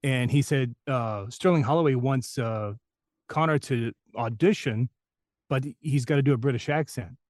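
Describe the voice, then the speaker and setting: A man's voice: mid-range voice, normal speed, darkish tone, no echo. Rambling man telling showbiz stories, dry. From New Mexico. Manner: rambling anecdotes with many fillers and restarts. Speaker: voice actor guest. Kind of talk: interview storytelling.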